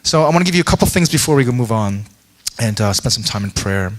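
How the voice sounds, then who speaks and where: Earnest pastor telling a family story. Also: male voice, medium pitch, lively intonation, fast talker. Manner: earnest storytelling, acting out quoted voices, drops to a near-whisper. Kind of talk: sermon with personal story. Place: church sanctuary.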